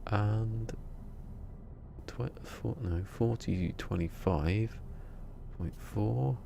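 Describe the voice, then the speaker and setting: Deep-voiced male game streamer, gravelly tone, rambling casual commentary, faint hiss behind. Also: drawn-out words, dark tone. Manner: rambling, chatty, muttering to himself.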